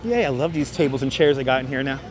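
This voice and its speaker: A man with a medium-pitched voice and lively intonation talks fast while hosting a walking-tour livestream outdoors on city streets. He chats casually, jokes with viewers and laughs often, using a wireless clip-on mic that picks up faint city street noise.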